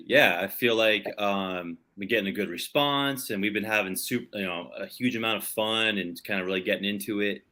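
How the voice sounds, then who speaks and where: A young man from Los Angeles talks easily on a video call, drifting through his answers with plenty of "like" and "you know." His voice sits a touch low for a man but sounds bright and forward. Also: normal speed, hardly any pauses. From Los Angeles, San Fernando Valley. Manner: laid-back, rambling with many fillers. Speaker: touring musician guest. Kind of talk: casual interview over video call.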